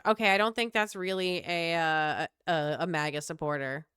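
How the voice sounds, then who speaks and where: A woman's voice: lowish voice, steady tone, normal speed, few pauses, a bit bright, clear, resonant tone, no echo, clean studio sound. A young woman streamer chatting casually with chatty, self-mocking asides. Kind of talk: casual live-stream chat.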